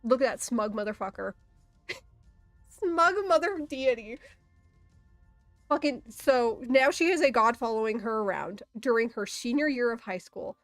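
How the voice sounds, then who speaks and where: While she draws, a young woman streamer tells a profane story, laughing often and pausing frequently. She speaks a little slowly in a high-leaning, lively voice, with no room sound and faint music behind her.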